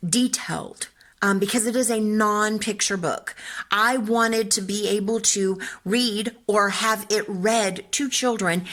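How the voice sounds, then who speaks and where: An older woman, a children's book author and grandmother, telling a lively story in casual talk and acting out voices as she goes. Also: mid-range voice. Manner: animated, chatty, acts out voices.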